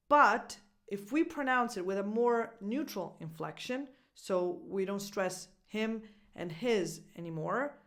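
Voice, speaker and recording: A woman, a native Italian speaker, teaching English pronunciation and carefully demonstrating phrases for listeners to repeat. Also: medium pitch. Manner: clear, deliberate demonstrations with repeat-after-me drills. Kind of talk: pronunciation lesson.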